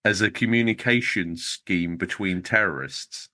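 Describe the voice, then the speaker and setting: A man's voice: low voice, a little slow, bright, forceful tone. A man co-hosting a podcast, chatting casually and teasing his co-hosts in jokey banter. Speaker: podcast co-host. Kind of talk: casual chat.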